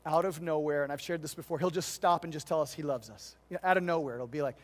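A man's voice: on the high side, fast talker. Emphatic middle-aged male preacher. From United States. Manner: storytelling, shifts between loud emphatic and hushed tender. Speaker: pastor. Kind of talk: sermon.

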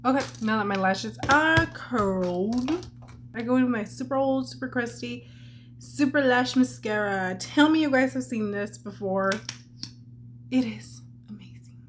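Telling a personal story in a laid-back makeup vlog, this young woman talks at a moderate pace in a voice on the high side. She's candid and chatty, using "like" constantly, with background noise behind her.

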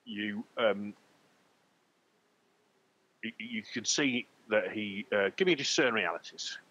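Male game master, husky, hesitant narration, muffled stream audio. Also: lowish voice, takes it slowly, bright, forceful tone. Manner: hesitant, filler-heavy narration.

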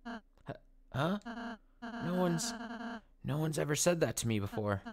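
A soft, sincere goat prince played by a man, shy and halting, his pitch rising and falling with feeling. He speaks slowly and gently, with game music behind. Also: big pitch swings, gravelly, a crowd in the background, exaggerated voice. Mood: tender.

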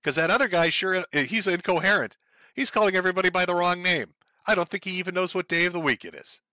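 A fired-up man rants about current events in a bright, forceful voice. His delivery is profane and sarcastic, with mocking impressions dropped in. The sound is close and dry, with no room behind him. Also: high voice, fast talker, dry recording. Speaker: commentary streamer. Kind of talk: ranting political commentary.

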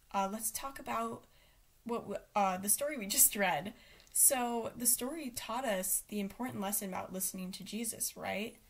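A woman talks children through a craft activity in a friendly, easygoing manner, often pausing on fillers. Her voice has a noticeable vocal fry. Her pitch sits in the middle range. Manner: friendly, relaxed, with frequent fillers. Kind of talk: casual instructions to children.

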